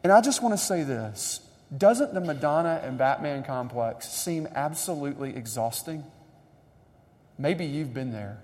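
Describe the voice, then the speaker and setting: A man's voice: fairly high pitch, unhurried. Man preaching in an echoing hall. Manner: conversational, animated preaching with rising emphasis. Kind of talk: sermon. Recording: long reverb of a large hall.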